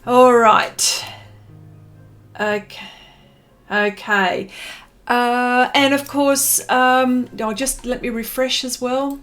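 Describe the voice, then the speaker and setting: A woman's voice: on the high side, steady tone, drawn-out words, long pauses, fairly bright tone, faint music behind. An Australian woman hosting her art livestream, chatting casually and greeting viewers by name. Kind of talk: casual live-stream chat. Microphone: desk microphone.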